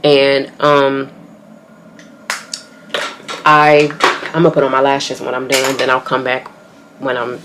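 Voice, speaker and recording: A woman's voice: extremely low pitch, completely flat delivery, slow pace, pauses often, background noise. A young woman with an African American English accent telling a story time to her viewers while doing her makeup, talking casually to them as y'all. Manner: chatty, talks straight to viewers as y'all. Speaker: beauty vlogger telling a story. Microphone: camera on tripod.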